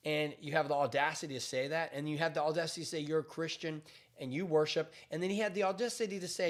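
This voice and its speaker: Emphatic pastor with a raised voice. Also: male voice, fairly high pitch, quick pace. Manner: emphatic, repetitive, with frequent restarts. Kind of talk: commentary on current events.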